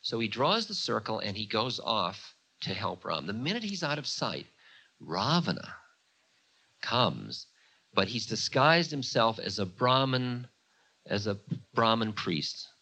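A man's voice: fairly low pitch, very animated, measured pace, bright, forceful tone, breathy edge. A man from the United States telling an old story in a chatty way, full of asides. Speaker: spiritual teacher. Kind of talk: storytelling talk.

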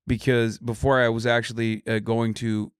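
A man's voice: mid-range voice, little pitch movement, normal speed, clear, resonant tone, no room sound, studio quality. A man talking casually as a podcast guest, blunt and profane, laughing often. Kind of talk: casual chat.

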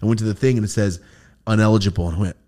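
A man hosting a casual podcast, telling a story with lots of swearing. His talk swings from hushed asides to loud, high quoted outbursts. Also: very fast. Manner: profane, rambling. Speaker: podcast host.

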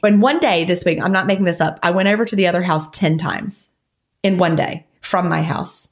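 Chatty, fast-talking woman podcast host. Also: lowish voice. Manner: chatty, laughs often, rambling with restarts. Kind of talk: casual chat.

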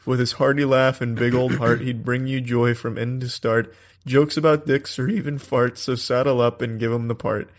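A man's voice: mid-range voice, little pitch movement, moderate pace, few pauses. A man co-hosting a podcast, reading out listener messages in a joking, casual way. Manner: reads messages aloud, jokey. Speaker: podcast co-host.

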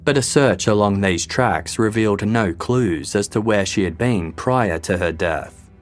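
A man giving a scripted true-crime narration in a measured, even storytelling delivery. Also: lowish voice.

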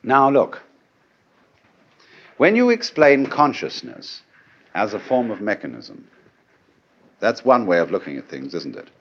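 A man's voice: lowish voice, very animated, measured pace, pauses often, a bit bright, slightly rough. A middle-aged man giving a conversational philosophical lecture, musing aloud and asking rhetorical questions. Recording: dull lo-fi archival lecture tape.

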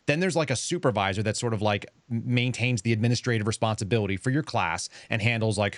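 A podcast host tells stories fast, bluntly and sarcastically in casual podcast talk. His mid-range voice comes through on a dry recording.

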